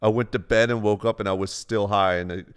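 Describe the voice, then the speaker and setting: A man's voice: lowish voice, fairly even intonation, brisk, smooth. Profane young man telling a stream story. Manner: rambling, profane, acts out quotes in a raised voice. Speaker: live streamer. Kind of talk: casual storytelling on a live stream.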